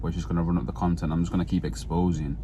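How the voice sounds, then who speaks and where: A man's voice: low voice, flat delivery, racing. A young British man vlogging outdoors, ranting in frustration and addressing his viewers directly in slang. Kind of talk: ranting to camera. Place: outdoors by a vehicle impound. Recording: outdoor street noise.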